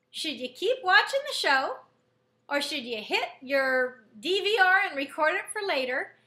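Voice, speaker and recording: A woman's voice: high voice, bright, forceful tone. A middle-aged woman school counselor giving a classroom lesson to students, earnest and explaining with everyday examples.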